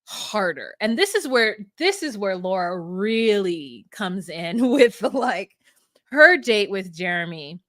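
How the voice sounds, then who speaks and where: Animated woman telling a story, dry sound. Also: mid-range voice, takes it slowly, no room sound. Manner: animated storyteller, laughs often. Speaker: podcast co-host. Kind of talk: casual recap chat.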